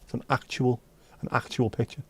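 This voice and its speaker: A man hosts a live stream, reading viewers' messages aloud, joking and bantering with chat, and breaking into bits of song. His voice is medium-pitched, husky and darkish, with a flat delivery at a fairly quick pace. It's all casual chat.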